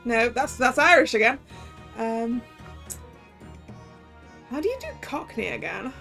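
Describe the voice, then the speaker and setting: A high-voiced woman streaming a story game, muttering and self-deprecating as she tries out character voices. She talks at an easy, unhurried pace. Quiet game music sits in the background. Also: animated, vocal fry. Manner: chatty, self-deprecating, laughing at herself. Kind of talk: game playthrough, reading voices aloud.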